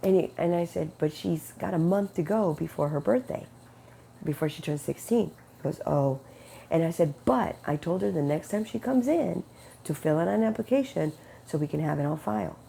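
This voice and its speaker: A woman shares a personal faith testimony in a low, darkish voice with a gravelly edge. She tells it like a chat, jumping up in pitch to act out what people said, then slowing to an earnest pace when she preaches. A faint hiss sits under the recording. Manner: animated storytelling, acting out quoted dialogue with quick pitch jumps. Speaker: Christian speaker sharing a testimony. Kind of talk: casual spoken testimony.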